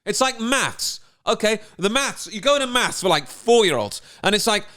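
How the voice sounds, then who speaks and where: Sarcastic ranting man, lively pitch. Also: moderate pace, few pauses. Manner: sarcastic, mocking, indignant. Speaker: comedian. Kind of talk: ranting commentary.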